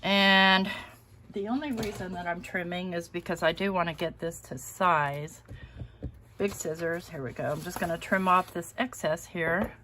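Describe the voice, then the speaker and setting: A woman's voice: fairly low pitch, fairly even intonation, moderate pace, bright, forceful tone, slight background noise. Chatty woman crafting live. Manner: chatty, self-deprecating, laughs often. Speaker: crafting channel host. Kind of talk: casual live crafting stream.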